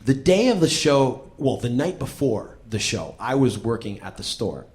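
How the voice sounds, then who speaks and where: Animated swearing male storyteller. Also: medium pitch, moderate pace. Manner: profane and animated, acting out the people in his story. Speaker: host. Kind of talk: comic spoken-word storytelling.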